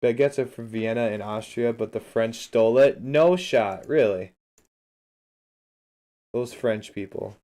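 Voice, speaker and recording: A man breaks down a game replay live on stream in an easy, chatty way. He keeps turning to his viewers, answering their messages and cheering them on as he explains what went wrong. His voice sits at an ordinary middle pitch for a man. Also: moderate pace, few pauses, mellow. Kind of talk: casual livestream replay analysis.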